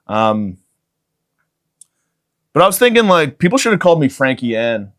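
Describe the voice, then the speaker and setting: A man's voice: medium pitch, big pitch swings, normal speed, pauses often. A young man hosting a podcast, rambling through a crude comedic monologue with jokey asides and bursts of mock outrage. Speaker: podcast host.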